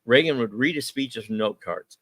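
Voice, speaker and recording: A man's voice: mid-range voice, moderate pace, dry recording. Male talk host, folksy storyteller, chatty with ums and uhs, dry close mic. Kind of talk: political talk show storytelling.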